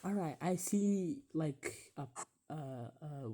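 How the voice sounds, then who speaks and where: A woman with a lowish, lively voice comments on a movie she keeps pausing. She speaks slowly, reacting with groans of disgust and frequent whispered asides. The tone is casual and chatty. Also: a little hiss or hum. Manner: disgusted exclamations, often drops to a whisper. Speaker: YouTuber reacting to a film.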